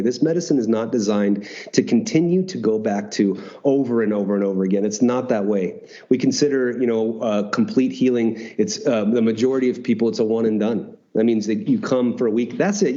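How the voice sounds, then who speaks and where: A man with a warm, dark tone tells a story as a podcast guest. He talks casually and with animation, acts out bits of dialogue and swears now and then. The audio is dull and lo-fi. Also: medium pitch. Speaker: guest, retreat founder.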